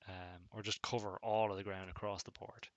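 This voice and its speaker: A man casually commentating on his own chess game, thinking aloud in a relaxed, musing way. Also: deep voice, fairly quick, dry recording, dull audio. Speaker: chess streamer.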